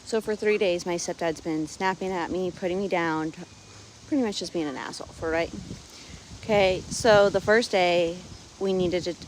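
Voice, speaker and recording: A woman's voice: fairly low pitch, moderate pace, low-quality recording. A young woman venting about her family in a casual monologue, recorded outdoors on her phone with wind around her. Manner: frustrated, keeps tagging "right?". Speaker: vlogger. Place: outdoors on her farm, windy.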